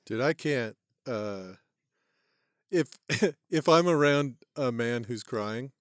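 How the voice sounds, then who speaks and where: A man's voice: medium pitch, expressive, slow pace, clear, resonant tone, no echo, clean studio sound. A man co-hosting a comedy podcast, rambling with stammered restarts, swearing, and laughing. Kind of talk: casual comedic banter.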